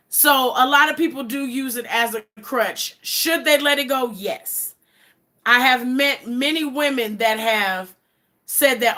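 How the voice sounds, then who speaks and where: A woman, chatting bluntly and profanely to a live-stream audience, sometimes dropping to a low, quiet voice. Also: normal speed. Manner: blunt and profane, with quoted asides; drops to a low, quiet voice in places. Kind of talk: casual live-stream chat.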